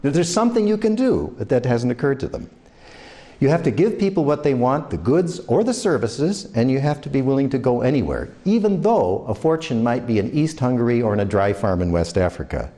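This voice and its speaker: Lively older man with New York accent. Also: medium pitch, fairly quick. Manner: anecdotal, acts out quoted voices. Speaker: speaker giving career advice. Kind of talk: motivational talk.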